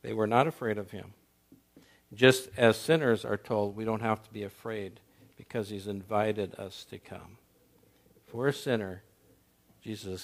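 A man preaching a sermon as pastor, emphatic and full of rhetorical questions, swinging from loud to soft. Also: lowish voice, fairly even intonation, measured pace, long pauses.

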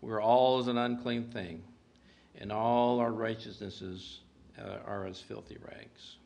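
A man preaching a sermon in an earnest manner, reading scripture aloud with emphatic rises and hushed drops. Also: fairly low pitch, steady tone, slow, creaky.

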